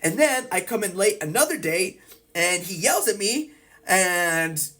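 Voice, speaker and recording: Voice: medium pitch, sing-song, a little slow, bright, forceful tone. Therapist explaining reasoning with examples. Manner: acts out people's inner thoughts. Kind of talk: educational explainer video.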